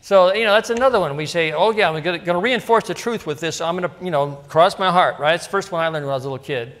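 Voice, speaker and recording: A middle-aged man preaching a relaxed, conversational sermon. His voice sits a little high for a man, and it rings out with a long hall reverb. He keeps tossing rhetorical questions to the congregation. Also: quick pace. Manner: casual and storytelling, with frequent asides and rhetorical questions. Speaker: pastor. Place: church sanctuary.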